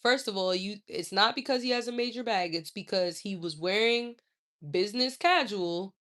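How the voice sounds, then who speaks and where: A woman's voice: medium pitch, moderate pace, a bit bright. A woman hosting a casual live stream, answering viewer comments in a blunt, profane, scolding way.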